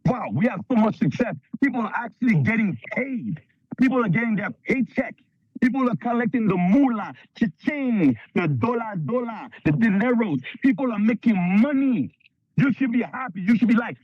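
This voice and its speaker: High-pitched energetic man giving a pep talk. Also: normal speed, slightly rough, no room sound, dull audio. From Canada. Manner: animated, acts out skits in put-on voices. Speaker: motivational speaker at a sales training.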